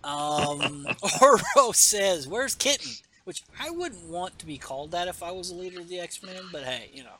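A man hosting a casual comic book podcast, rambling and filler-heavy. His voice is bright and a little high for a man. A faint hiss sits underneath. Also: expressive, moderate pace, few pauses. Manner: rambling, many fillers, self-deprecating asides. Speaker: podcast host.

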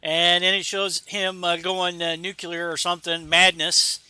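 A man's voice: high voice, flat delivery, a little slow, over a noisy crowd. A man casually recapping a comic on a remote podcast call, rambling with many fillers and reading lines aloud. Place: home.

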